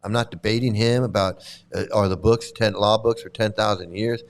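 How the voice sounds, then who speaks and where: A man's voice: fairly low pitch, steady tone, moderate pace, clear, resonant tone. A man hosting a casual reaction commentary, blunt and mocking, who swears freely and repeats his points. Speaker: channel host commenting on a livestream.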